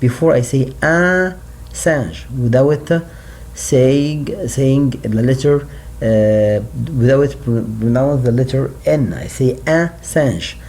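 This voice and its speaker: Man teaching french, slow and dark-toned, repeats words, faint hiss behind. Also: mid-range voice. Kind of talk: classroom language lesson.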